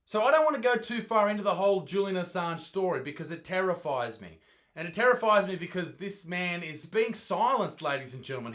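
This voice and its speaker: A man's voice: sits high, fairly bright tone. A young Australian man hosting a comedic news rant, sweary and sarcastic. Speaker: comedian host. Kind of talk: ranting comedic news commentary.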